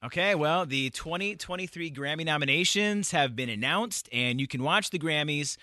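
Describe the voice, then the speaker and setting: Man radio co-host with a bright voice. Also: a little high, normal speed, no room sound, studio quality. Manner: playful, teasing banter. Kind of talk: casual radio chat. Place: radio studio.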